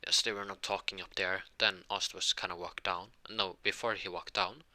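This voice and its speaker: A man's voice: low voice, steady tone, moderate pace, sharp tone, no room sound. A young man improvising a fan-fiction story aloud, rambling with many restarts and self-corrections.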